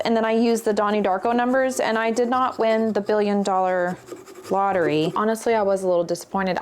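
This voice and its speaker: A woman's voice: medium pitch, slight background noise. A woman vlogger telling wry, sardonic stories in a casual monologue while she works on a craft.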